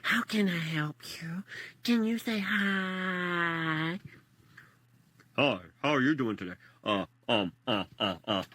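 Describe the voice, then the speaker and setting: A man doing a halting, stuttering comic celebrity impression as a prank caller in a social video clip. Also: a little high, expressive, sharp tone, dry recording, heavily acted. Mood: goofy. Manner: halting, stuttering with drawn-out hesitations.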